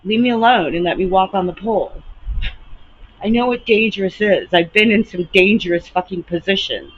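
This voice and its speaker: A woman in her late fifties venting to her camera in a casual, animated rant, swearing and laughing often. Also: fairly low pitch, slightly rough. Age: 50s. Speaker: vlogger. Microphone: camera mic. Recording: slightly muffled with faint background hiss.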